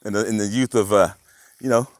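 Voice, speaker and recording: A man vlogging a rambling, profane rant that swings between muttering and loud outbursts. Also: lowish voice, steady tone, fast talker, no room sound, studio quality. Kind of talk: rambling monologue.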